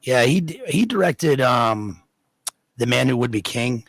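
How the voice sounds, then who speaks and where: A man's voice: medium pitch, animated, a little slow, gravelly, no room sound. A man talking casually as a podcast guest, explaining things with stumbles and restarts. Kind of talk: casual chat.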